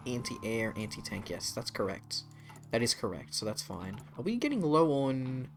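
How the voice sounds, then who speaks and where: Guy on a live game stream, swears a lot, chill mid voice, faint music. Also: mid-range voice. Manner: casual, profane, talks to chat.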